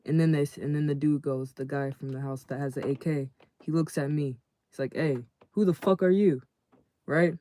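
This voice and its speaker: A man's voice: on the high side, normal speed. Slangy man telling a story to chat. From California. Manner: slangy, animated storytelling with quoted voices. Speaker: livestream host. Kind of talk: casual storytelling to live chat.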